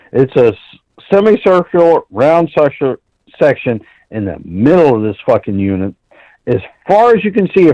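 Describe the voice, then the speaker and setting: A man's voice: fairly high pitch, no room sound, dull audio. A man calling in to a talk show, telling a long story bluntly and with lots of swearing, acting out the quoted dialogue. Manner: blunt, profane, animated, acts out quoted dialogue. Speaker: caller.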